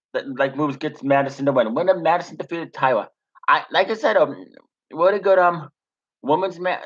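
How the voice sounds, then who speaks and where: Young male reviewer, casual rambling recap, lots of ums, muffled lo-fi mic. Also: a little high. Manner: rambling, many fillers and restarts. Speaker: wrestling reviewer.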